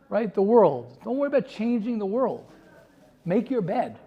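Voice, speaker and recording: A man's voice: sits high, very animated, moderate pace, slightly rough, lo-fi sound. A man giving a sermon as a rabbi to a live class, impassioned and talking in repeated phrases and restarts.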